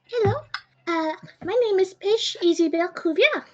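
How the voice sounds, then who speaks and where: A woman voicing a cheerful, polite young adventurer who is bright and eager. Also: very high voice, unhurried, muffled recording, voice pushed up. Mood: delighted.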